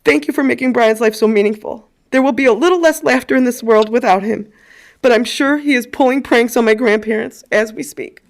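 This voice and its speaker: Woman with a fairly high, chatty voice. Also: brisk. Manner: chatty storytelling with frequent ums and laughter. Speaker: eulogist at a funeral. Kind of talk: eulogy with personal anecdotes.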